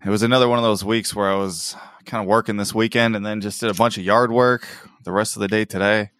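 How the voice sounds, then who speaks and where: A man's voice: on the low side, steady tone, quick pace, fairly bright tone, no echo, studio quality. A man co-hosting a podcast in casual chat, sounding tired and laid-back. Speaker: podcast co-host.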